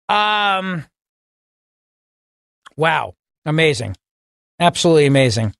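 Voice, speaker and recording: Emphatic talk radio host. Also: male voice, on the high side, lively intonation, moderate pace, pauses often, a bit bright, no echo, studio quality. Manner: emphatic, indignant, repeats words. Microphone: studio microphone.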